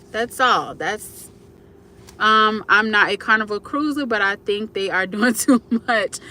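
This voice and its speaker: Bright-voiced young woman chatting live. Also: on the high side. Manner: candid, emotional, chatty with viewers. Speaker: livestream host. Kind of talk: casual livestream chat.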